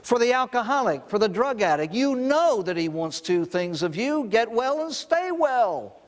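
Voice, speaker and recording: A man's voice: extremely high pitch, normal speed, big-room sound. An older man, a priest, giving a recovery talk to an audience, telling stories and asking rhetorical questions. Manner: storytelling, animated, with rhetorical questions.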